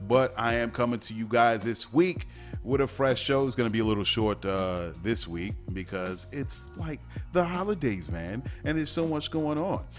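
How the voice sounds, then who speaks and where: A man's voice: mid-range voice, moderate pace, faint music behind. A man hosting a casual radio show, rambling and joking with plenty of fillers and restarts. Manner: breaks into silly mock-French voices. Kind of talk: casual podcast monologue.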